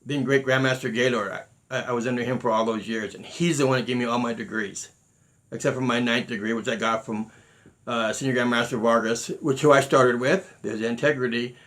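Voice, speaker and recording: Middle-aged man, martial arts teacher, earnest, halting storytelling, mid-pitched voice. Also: steady tone, fairly bright tone. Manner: earnest storytelling with many restarts and quoted exchanges. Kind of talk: unscripted talk to students.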